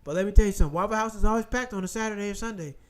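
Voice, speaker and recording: A high-pitched man rants his way through the news. His delivery is animated and profane, and he keeps circling back to repeat his points. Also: racing, clean tone. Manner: animated, profane, repetitive rant. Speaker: commentary channel host. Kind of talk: ranting commentary, reading headlines.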